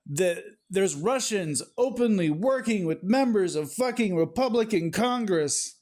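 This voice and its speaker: Male political ranter, slightly high voice, furious and profane. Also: lively intonation, a little slow, hardly any pauses, a little mellow. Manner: profane, exasperated, ranting. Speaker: political commentator. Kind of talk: angry political rant.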